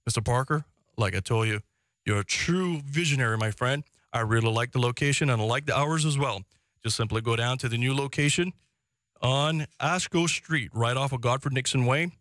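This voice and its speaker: A man with a Caymanian accent hosting a live radio talk show, effusive and animated. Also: mid-range voice, normal speed, no room sound, studio quality. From Cayman Islands. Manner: effusive, repetitive thanks, animated. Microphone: studio microphone.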